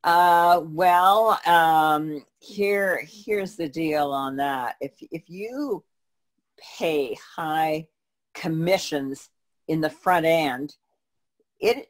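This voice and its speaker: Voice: mid-range voice, slow pace. A co-host answering questions in a casual chat, explaining steadily with frequent false starts and fillers. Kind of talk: casual conversational Q&A.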